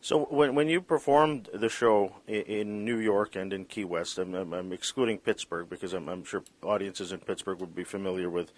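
Deep-voiced male interview host. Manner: halting, repeats words, rambling questions. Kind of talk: casual interview talk. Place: Vancouver.

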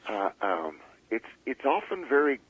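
A man, an author being interviewed, talking in a halting way with many fillers and restarts. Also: medium pitch, very animated, a bit bright, husky, no room sound, rough recording. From Canada. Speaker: author guest. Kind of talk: interview conversation.

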